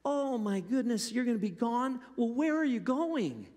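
A man's voice: very animated, normal speed, a little mellow. A man playing a foolish, startled servant. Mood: astonished. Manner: high, astonished questioning. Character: foolish, earnest male servant, excitable. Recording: long hall reverb.

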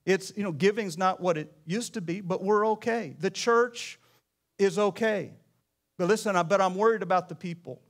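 High-pitched pastor guy preaching in church, chatty, keeps restarting his sentences. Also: normal speed. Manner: conversational preaching with many restarts and asides. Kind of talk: sermon.

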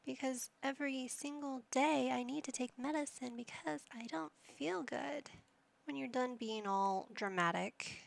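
A woman's voice: on the high side, creaky. A young woman casually commentating a life-sim game, teasing and chatting to her characters. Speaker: gaming channel host. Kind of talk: casual let's-play commentary.

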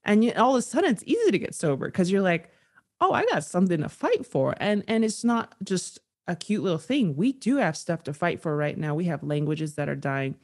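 A woman, a guest author, talking candidly in a podcast conversation with earnest, animated storytelling. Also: lowish voice, fairly quick, few pauses.

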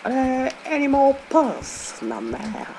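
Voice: sits high, huge pitch swings, slow, low-quality recording. A gaming host giving casual, playful commentary over a match, swearing and laughing now and then. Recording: loud game noise behind.

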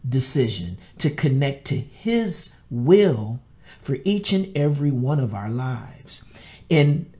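A middle-aged male pastor delivers his sermon at an unhurried pace. His voice sounds mellow and relaxed. He tells a personal story earnestly and sometimes repeats words as he searches for the next phrase. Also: mid-range voice. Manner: slow, earnest storytelling with repetitions.

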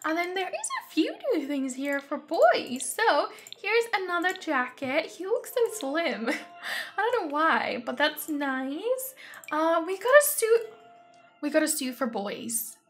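A young woman reviewing a video game in excitable, gushing commentary, often gasping with delight. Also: high voice, takes it slowly, soft background music. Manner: gushing and excitable, frequent gasps. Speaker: gaming YouTuber.

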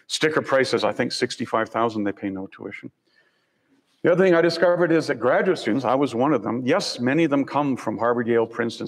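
An older man from Saskatchewan gives a relaxed campus lecture, telling stories with dry humor. His voice sits at an ordinary middle pitch. A long hall reverb trails each phrase. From Canada (Saskatchewan). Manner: conversational storytelling with dry humor. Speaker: university professor and senior officer, guest speaker. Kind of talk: public lecture with slides. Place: lecture room on a college campus.

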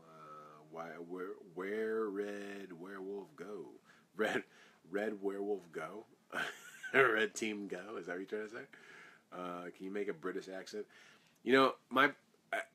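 A man's voice: low-pitched, bright, forceful tone, slightly rough. A man, an actor, answering fan questions in a casual live Q&A, reading each question aloud and rambling through his answers.

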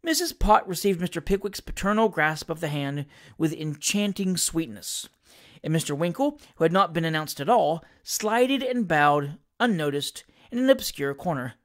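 Expressive narrator with a lively voice. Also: mid-range voice, moderate pace. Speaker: audiobook reader. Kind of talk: scripted reading of a classic novel.

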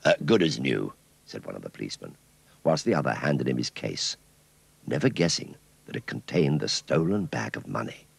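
A man narrating a children's cartoon story in an expressive storytelling manner. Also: rumbling low, normal speed, gravelly, slightly rough, no echo.

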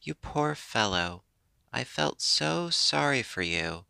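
A man's voice: medium pitch, very animated, takes it slowly, creaky, sharp tone, clean tone, dry recording, pitched above the performer's own voice, full character voice. Saucy, tender young squirrel wife in a dry, close read; male narrator voicing her. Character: young female squirrel Bushytail, saucy, kind-hearted.

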